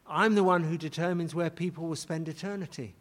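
A man's voice: a little high, fairly even intonation, fairly quick. A man preaching a sermon with dramatic emphasis. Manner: dramatic, acts out quoted pleas with rising intensity. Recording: long hall reverb.

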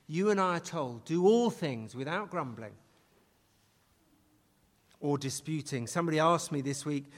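Slow, emphatic preacher in a reverberant hall. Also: male voice, on the high side. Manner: emphatic, repeats key phrases for stress. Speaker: pastor. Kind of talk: sermon. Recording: long reverb of a large hall.

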